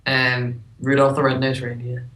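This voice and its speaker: Bright-voiced man in an echoey room. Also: medium pitch, monotone, a little slow, far from the mic, a little hiss or hum. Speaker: guest. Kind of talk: casual chat.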